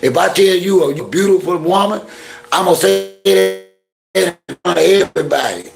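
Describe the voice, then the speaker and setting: Gravelly high-voiced man ranting on a live stream. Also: moderate pace. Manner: playful flirting banter with viewers; blunt, exasperated ranting. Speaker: YouTube live-stream host. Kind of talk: casual live-stream chat with viewers.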